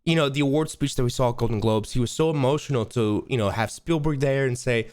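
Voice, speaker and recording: A man's voice: mid-range voice, quick pace, a little mellow. A man co-hosting a casual podcast, his voice a bit nasal, laughing often and restarting sentences. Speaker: podcast co-host. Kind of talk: casual chat.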